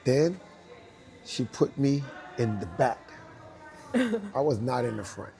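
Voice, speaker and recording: A male dancer telling an animated, laughing anecdote, acting out the people he quotes. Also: mid-range voice, takes it slowly, vocal fry, soft background music. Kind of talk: animated storytelling.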